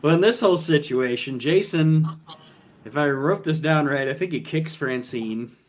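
A man's voice: fairly high pitch, expressive, moderate pace. A man hosting a casual podcast, recapping a show with frequent "uh" fillers. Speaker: podcast host.

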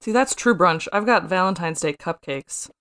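A woman's voice: on the low side, lively intonation, moderate pace, fairly bright tone, clean tone. A woman co-hosting a casual chat in a giggly, enthusiastic way. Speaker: podcast co-host.

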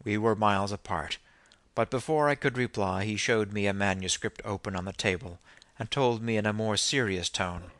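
Male audiobook narrator, low voice, dry close recording, measured first-person narration. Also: fairly bright tone, no room sound.

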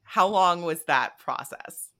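A woman hosting an interview podcast, chatty and enthusiastic, reacting warmly to her guest. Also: lowish voice, lively intonation, slow. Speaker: podcast host. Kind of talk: casual interview chat.

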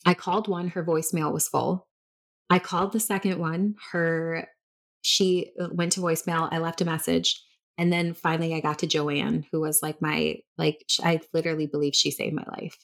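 A woman's voice: low-pitched, flat delivery, moderate pace, gravelly. A woman in her thirties co-hosting a podcast, telling a personal story candidly with many restarts. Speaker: podcast co-host. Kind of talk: casual chat.

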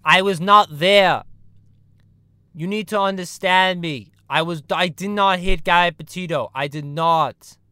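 A man's voice: sits high, clean tone, no room sound. A man doing a stubborn film-director impression. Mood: defensive. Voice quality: halting, repetitive flat denials. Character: male Tommy Wiseau impression, insistent denials.

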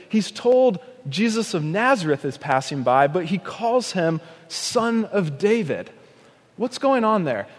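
High-voiced preacher in a reverberant hall. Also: male voice. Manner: dramatic, acts out shouted cries; slows and softens on key points. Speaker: pastor. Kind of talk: sermon.

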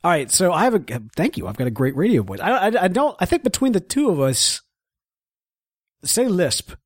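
Brief: lively, slightly high-voiced man hosting a TV talk podcast, dry close recording. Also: fast talker, breathy edge, dry recording. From American South. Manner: animated, joking, reads show plugs. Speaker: podcast co-host. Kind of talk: casual chat.

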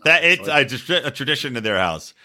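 A man hosting a podcast, telling a crude story in an animated way and shouting when he acts out quotes. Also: mid-range voice, normal speed. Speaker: podcast host.

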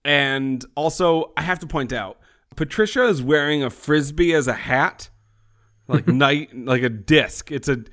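A man's voice: fairly high pitch, unhurried, a bit bright. A man co-hosting a podcast, trading wry, teasing banter while recapping a TV episode. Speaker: podcast co-host. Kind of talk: casual chat, episode recap.

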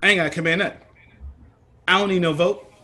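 A man with a somewhat high voice teaches a group over a video call. He talks in an emphatic, preachy, folksy way. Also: fairly even intonation, quick pace, pushed and bright. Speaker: teacher leading a study group.

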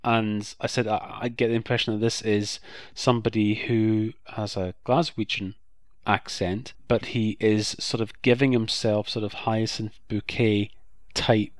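A man's voice: lowish voice, level tone, measured pace, dry recording, studio quality. A man co-hosting a podcast in a chatty, agreeable way, leaning hard on the words he stresses. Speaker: podcast co-host. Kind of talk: casual podcast discussion.

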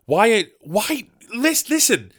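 British man, podcast host, rambling comic rant, lots of swearing, lively up-and-down pitch. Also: slow, husky. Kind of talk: solo comedic rant.

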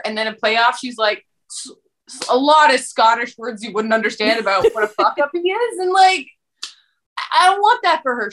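A young woman with a notably high voice chats casually as a co-host. She rambles in an animated, jokey way and slips into acted-out quotes. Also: moderate pace. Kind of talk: casual chat.

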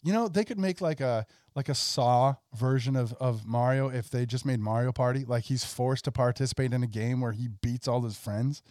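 A man's voice: medium pitch, normal speed, few pauses, darkish tone, no echo, studio quality. A middle-aged man hosting a podcast in casual chat, enthusiastic and rambling, laughing often. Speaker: podcast host.

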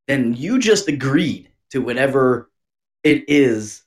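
A man's voice: mid-range voice, sing-song, slow pace. A young man co-hosting a podcast, chatting casually and swearing freely as he gives practical tips. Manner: profane, easygoing, gives tips. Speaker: podcast co-host. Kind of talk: casual chat.

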